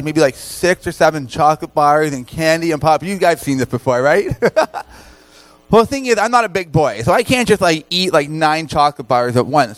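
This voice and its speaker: A man speaking at a camp, telling a funny story in a lively way with many fillers and laughs before turning it into a sermon. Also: on the high side, dry recording. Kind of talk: humorous sermon to campers.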